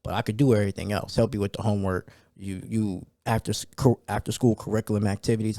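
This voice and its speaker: A man hosts his own podcast, talking off the cuff with plenty of fillers and bursts of excited ranting. His voice sits low and mellow. It is recorded close and dry, with no room sound. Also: quick pace, hardly any pauses, no echo. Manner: loose and conversational, with fillers and rising excited rants. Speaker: podcast host. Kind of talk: casual solo podcast talk.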